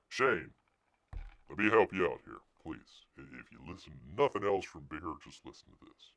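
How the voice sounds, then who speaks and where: A man hosting a casual live stream, ranting with loud outbursts and muttered asides. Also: sits low, expressive, normal speed, gravelly. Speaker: livestream host.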